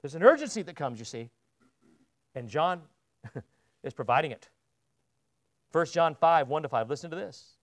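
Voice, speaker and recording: A man's voice: a little high, sing-song, normal speed, pauses often. A man preaching a sermon in a church, talking casually and asking the congregation questions, often repeating words as he presses a point.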